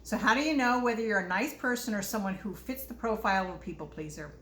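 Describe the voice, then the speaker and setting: A woman's voice: medium pitch, fast, a bit bright, slight background noise. An older woman hosting a casual self-help talk, earnest and reflective, sharing personal stories. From Utah, US. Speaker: host. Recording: echoey room with faint ambience.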